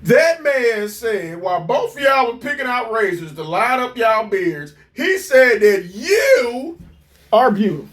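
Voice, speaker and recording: Mocking, animated man ranting slowly. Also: extremely high pitch. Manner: mocking, incredulous, swearing heavily. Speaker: commentator. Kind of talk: profane reaction commentary.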